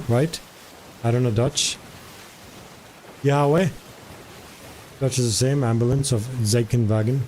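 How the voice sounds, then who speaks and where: A man's voice: medium pitch, unhurried, long pauses, a little mellow, slight background noise. A man streaming live in casual chat, curious and talkative, repeating foreign words aloud to practice them.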